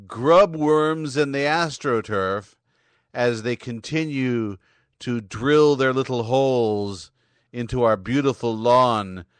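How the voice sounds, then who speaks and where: A male podcast host signing off in a casual way, with sardonic commentary and a loose, halting delivery. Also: mid-range voice, a bit bright, no room sound. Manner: sardonic, mocking political commentary. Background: music bed.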